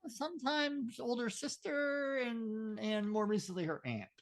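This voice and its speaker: A man co-hosting a podcast in casual chat, agreeable and quick with a quip. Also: very high voice, creaky. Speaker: podcast co-host.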